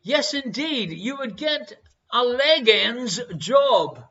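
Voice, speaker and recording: An Irish man hosts a live online quiz, reading questions and cracking teasing jokes between the answers. His voice is high and bright. The stream audio sounds muffled and lo-fi. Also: animated, slow pace. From Ireland. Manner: joking, teasing banter with hesitant fillers. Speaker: quiz show host. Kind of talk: casual live quiz hosting.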